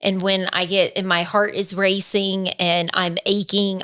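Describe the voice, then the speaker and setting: A woman co-hosting a casual podcast, self-deprecating and quick to jump in with asides. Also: medium pitch, flat delivery, bright, forceful tone, smooth. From North Carolina, USA. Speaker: podcast co-host. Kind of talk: casual chat.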